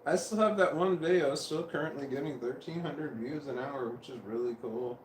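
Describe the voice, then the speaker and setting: In a home room with a fan going, a middle-aged man livestreams at normal speed in a medium-pitched voice, with roomy sound and slight background noise. His casual self-talk wanders and self-corrects, punctuated by chuckles and repeated coughs.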